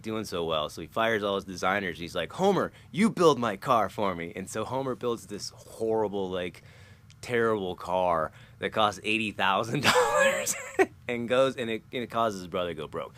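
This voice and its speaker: A man's voice: lowish voice, big pitch swings, normal speed, pushed and bright. A man talking through a casual vlog monologue, rambling and chuckling as he loses his train of thought. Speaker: vlogger.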